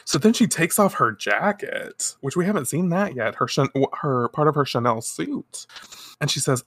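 A woman's voice: low-pitched, normal speed, slightly rough, no room sound. A woman chatting casually as a podcast co-host, recapping a cartoon episode with lots of laughing and fillers. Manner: animated, giggly, lots of fillers.

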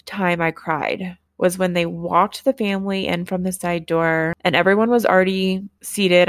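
Young woman host, personal storytelling; low, gravelly, dry close sound, halting and reflective. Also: no echo. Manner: reflective, halting, plain-spoken. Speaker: podcast host telling her own story.

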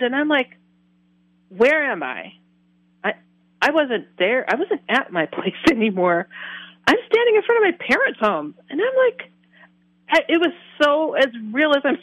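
A woman recounting a personal experience with animated storytelling, now and then laughing as she acts out her own reactions. Her voice sits in an ordinary middle pitch. The recording is close and dry, with no room sound. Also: dry recording, rough recording. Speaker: interview guest. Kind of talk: personal testimony.

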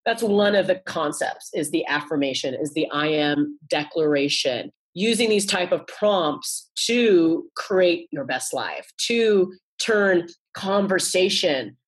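A woman's voice: fairly low pitch, animated, takes it slowly, hardly any pauses, breathy edge. A woman in her forties, a guest author, talking earnestly in a casual interview and often restarting and repeating her words. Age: 40s.

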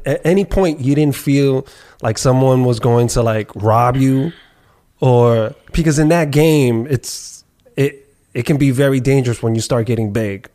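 A male interview host with a mellow, darker tone. He asks short, curious follow-up questions in an easygoing way. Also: medium pitch, unhurried. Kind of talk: casual interview.

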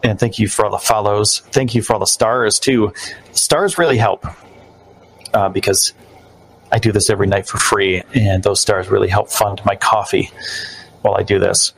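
A man's voice: on the low side, fairly even intonation, moderate pace, gravelly, husky, poor audio. A man hosting a podcast, chatting casually, rambling with loose restarts and fillers. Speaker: podcast host. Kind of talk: casual live-stream chat. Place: New York.

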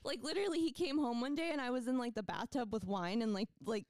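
A young woman co-hosting a podcast tells a story in casual chat, animated, laughing often and swearing freely. Her voice is on the high side and quick, with no room sound.

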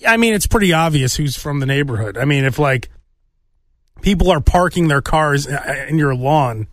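A man's voice: on the high side, lively intonation, moderate pace, a bit bright, no room sound, studio quality. A man co-hosting a talk show, chatting casually and teasing his partner. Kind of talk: casual chat.

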